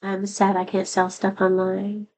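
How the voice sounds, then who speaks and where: A woman's voice: mid-range voice, completely flat delivery, unhurried, a little mellow, slight background noise, rough recording. A middle-aged woman talking to the camera in a rambling, confessional vlog, sad and candid, her voice a little worn after being sick. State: voice not at full strength after being sick. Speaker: vlogger. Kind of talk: personal vlog monologue.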